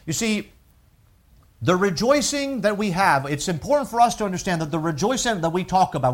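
A male preacher giving a sermon. He reads scripture slowly and preaches with rising emphasis and repetition. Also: high voice, animated, fairly bright tone.

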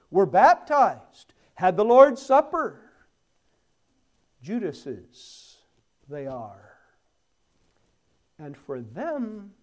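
Male pastor, sermon delivery, measured and unhurried, voice rides up and down, loud emphatic peaks against hushed, near-whispered lines. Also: fairly high pitch. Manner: emphatic swells on key words, dropping to near-whispers.

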